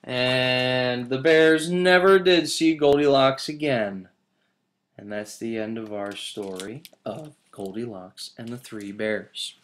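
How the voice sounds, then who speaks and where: A man teaching kindergarten, reading stories and rhymes aloud to young children in a gentle, encouraging way. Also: medium pitch. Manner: gentle, encouraging, slow and expressive.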